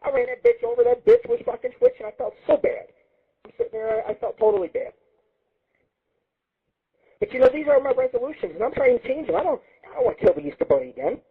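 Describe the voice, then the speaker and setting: A man hosts his own internet radio show in a loud, profane, rambling monologue, his pitch sitting high and swinging wildly. His voice is deeply husky and raspy. The sound is narrow and muffled, like a phone line. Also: animated, fast, long pauses. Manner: loud, profane and manic, jumping between topics.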